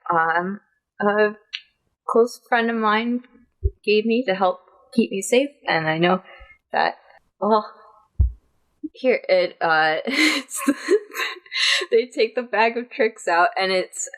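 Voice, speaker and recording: A woman's voice: medium pitch, expressive, slow pace, long pauses, a bit bright, rough recording. A woman playing in a tabletop role-playing game, describing her character's actions with many fillers and laughs. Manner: rambling, giggly, many fillers. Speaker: player.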